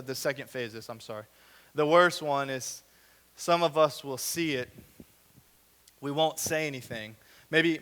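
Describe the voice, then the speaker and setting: Young man, youth-group preacher, chatty sermon with rhetorical questions, bright edge, big hall reverb. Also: fairly high pitch, clear, resonant tone. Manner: conversational preaching with acted asides, rhetorical questions. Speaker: young adult ministry director. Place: church hall.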